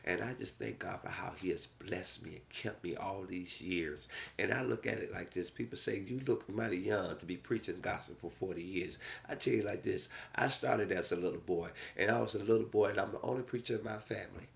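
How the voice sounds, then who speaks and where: A man's voice: low-pitched, fairly quick, creaky, few pauses. A middle-aged man, a preacher, giving heartfelt spoken testimony in a repetitive preacher's cadence. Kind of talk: earnest spoken testimony before a gospel song.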